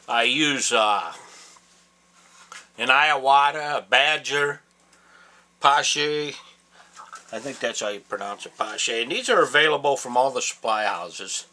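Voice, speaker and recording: A taxidermy instructor with a medium-pitched voice, normal speed, and sharp tone walks through a craft step by step in his home workshop. He's plain-spoken and folksy, given to rambling asides, and the poor, hissy audio picks up an air compressor and spray hiss.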